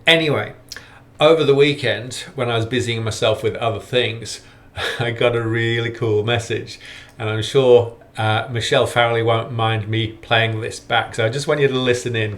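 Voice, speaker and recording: A man's voice: mid-range voice, steady tone, normal speed, fairly bright tone. A middle-aged man hosting a casual hiking vlog roundup, friendly and rambling with lots of fillers. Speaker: hiking challenge organiser and vlogger.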